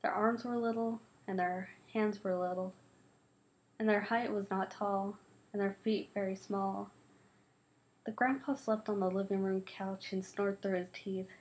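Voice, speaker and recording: A woman reading a novel aloud, lively, shifting her voice for the children's quarrel. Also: medium pitch, a little slow, rough recording. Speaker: reader.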